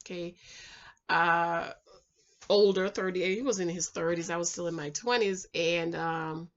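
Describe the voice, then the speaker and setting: A woman's voice: fairly low pitch, steady tone, unhurried, muffled recording. A woman in her thirties with a Jamaican accent, chatting to viewers as a relationship advice vlogger and calling them ladies and girl. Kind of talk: casual storytelling to viewers.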